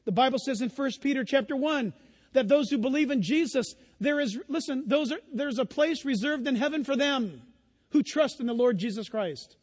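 High-voiced male pastor preaching. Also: lively intonation, normal speed, long reverb tail. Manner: conversational storytelling, rhetorical questions to the congregation. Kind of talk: sermon.

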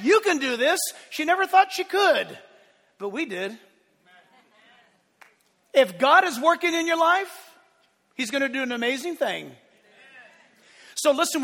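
A man preaching a sermon as pastor, swinging between emphatic bursts and quiet asides. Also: extremely high pitch. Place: church hall. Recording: long church hall reverb.

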